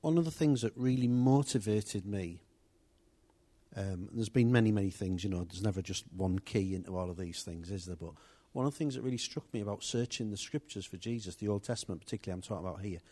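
A male preacher speaks to his congregation in a loose, chatty way, restarting sentences and turning aside to address people in the room. His voice sits a little on the low side. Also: fast, warm tone. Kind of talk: informal sermon.

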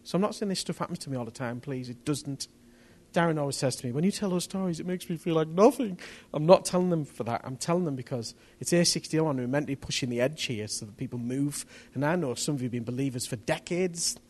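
A man preaching a testimony sermon, telling his story in an animated way that rises to near-shouts at the tense moments. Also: on the high side, fast talker, slightly rough.

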